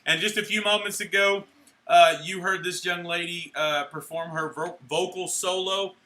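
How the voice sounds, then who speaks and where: A young man emceeing a church awards night, handing out certificates in an energetic, playful way, cheering and joking with the crowd. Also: high-pitched, normal speed. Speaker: youth pastor handing out awards. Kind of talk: live church event emcee. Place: church hall at a live event.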